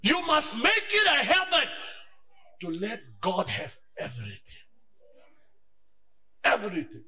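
A male pastor preaching a lively sermon, moving between shouts and hushed asides and acting out conversations in his stories. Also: very high voice, normal speed, pauses often. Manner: acts out dialogue in his stories.

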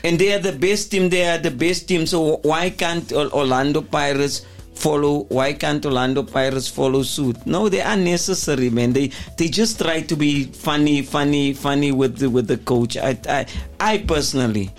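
A man's voice: on the high side, normal speed, soft background music. An older man, talking as a football pundit in an emphatic, rambling way with lots of repeated words. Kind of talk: studio discussion.

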